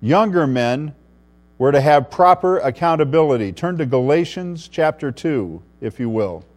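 A man preaching an expository sermon, reading scripture and explaining it, who often drops to a hushed voice for emphasis. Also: a little high, expressive, moderate pace. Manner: preaching with wide swings in loudness, dropping to a hushed voice for emphasis. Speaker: pastor.

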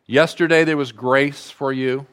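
Male pastor, sermon, slow measured delivery, emphatic repetition, mid-pitched voice. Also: fairly even intonation, a bit bright, clear, resonant tone.

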